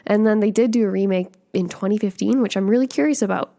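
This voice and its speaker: A woman co-hosting a podcast in casual chat, talking through a cold with a nasal voice, chatty and upbeat with quick asides. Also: mid-range voice, gravelly, dark tone. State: sick, nasal voice. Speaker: podcast co-host.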